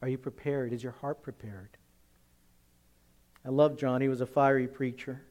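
A male pastor preaches a sermon with emphasis, swinging between loud, forceful lines and hushed ones. His voice is medium in pitch, steady in tone, and delivered at normal speed.

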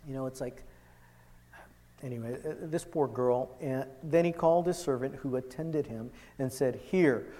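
A man preaching a sermon, impassioned, swinging from loud emphasis to hushed urgency as he retells a scripture story. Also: mid-range voice, moderate pace, long reverb tail.

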